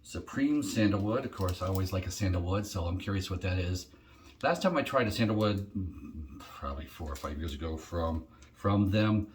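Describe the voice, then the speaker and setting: A middle-aged man with a very low, deep voice talks through an unboxing in a relaxed vlog. He rambles and thinks aloud, often pausing on an um before carrying on. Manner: rambling, chatty, thinks aloud with many ums. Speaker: shaving vlogger.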